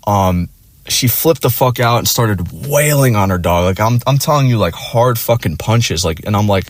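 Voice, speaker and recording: A man's voice: on the low side, lively intonation, moderate pace, dry recording. A young man telling a personal story in a crude, profane, rambling way, with lots of fillers. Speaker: vlogger. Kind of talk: casual storytelling.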